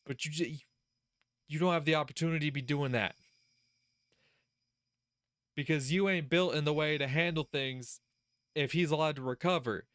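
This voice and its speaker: A man hosting a let's play, giving casual gaming commentary in an animated, profane way, laughing often and talking straight to the character. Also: fairly high pitch, normal speed, long pauses, clear, resonant tone, dry recording, clean studio sound.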